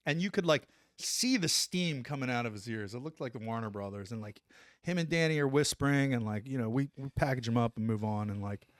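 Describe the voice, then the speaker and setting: Middle-aged guy telling an army story, lots of "like", animated, dry close mic. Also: medium pitch, fairly quick, no echo. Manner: animated, acts out quotes, says "like" a lot. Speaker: podcast guest, former Army Ranger. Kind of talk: casual storytelling.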